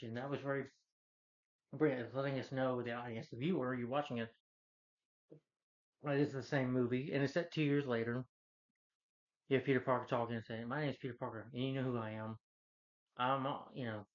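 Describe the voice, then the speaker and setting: A man's voice: medium pitch, dull audio. Rambling man reviewing a film. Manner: rambling, enthusiastic plot retelling.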